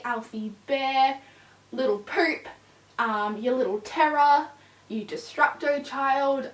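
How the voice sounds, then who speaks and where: A woman's voice: sits high, a bit bright. A woman vlogger chatting casually in a rambling way, with frequent fillers, a little tired. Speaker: vlogger with a new puppy. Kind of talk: casual chat. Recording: echoey room, distant mic.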